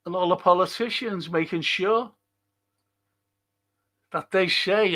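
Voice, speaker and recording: A man's voice: high-pitched, takes it slowly, long pauses, bright, forceful tone. A man, older, hosting a podcast in casual rambling talk and chuckling through his stories. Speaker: podcast host.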